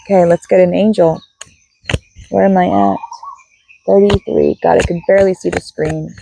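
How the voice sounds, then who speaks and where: A woman who is a spiritual guide. She leads a soft, unhurried guided meditation and then chats casually through a card reading, recorded on a phone with a clip-on mic. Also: fairly low pitch, steady tone, vocal fry, slight background noise, low-quality recording. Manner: soft and unhurried while guiding, chatty and apologetic between. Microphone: phone with a clip-on microphone.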